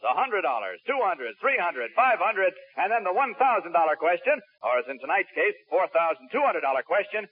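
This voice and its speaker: A man announcing a 1940s radio quiz show in a booming, salesy delivery, from a dull lo-fi broadcast with music. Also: husky.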